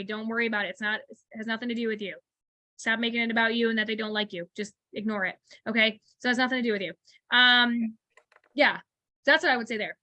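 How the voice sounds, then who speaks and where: A lively woman coaching over a video call, her voice bright and a little high. She talks fast and chatty and slips into acted-out phone scripts. The sound is dry and close. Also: no room sound. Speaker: sales coach.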